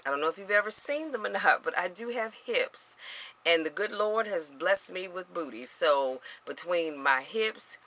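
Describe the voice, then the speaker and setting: A woman's voice: fairly low pitch, expressive, moderate pace, pushed and bright. A middle-aged woman vlogging, chatting animatedly to her viewers and calling them y'all and you guys. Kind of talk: casual chat to camera.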